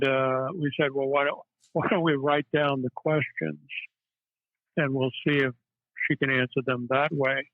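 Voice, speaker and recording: A man, a psychiatrist guest, telling stories in a halting way with many fillers. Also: mid-range voice, dry recording. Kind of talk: casual interview storytelling. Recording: tinny phone-line audio, dry.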